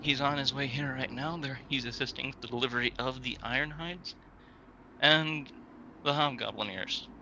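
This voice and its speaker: A man with a very bright, sharp tone plays his character at a tabletop game, matter-of-fact and businesslike. His pitch sits in the middle range. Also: moderate pace, highs cut off, a little hiss or hum. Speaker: player. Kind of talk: casual in-character play.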